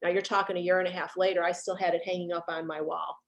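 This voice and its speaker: Guest, middle-aged woman, slightly low voice, earnest and halting, on a video call. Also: level tone. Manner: earnest, halting, repeats herself when recalling. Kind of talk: heartfelt conversation about grief.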